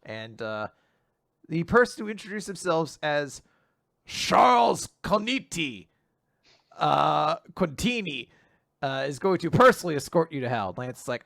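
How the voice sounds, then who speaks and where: Brief: young male podcast host, casual recap, gravelly voice, somewhat high, dry close sound. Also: very animated, measured pace, a bit bright, no echo. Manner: chatty, laughing asides, many fillers.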